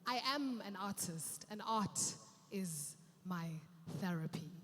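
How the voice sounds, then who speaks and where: A woman performing dramatic spoken-word poetry at a seminar, swinging between pleading cries and hushed near-whispers. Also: mid-range voice, slow. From South Africa. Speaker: pitching artist and performance poet. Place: large event hall. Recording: reverberant hall through a PA.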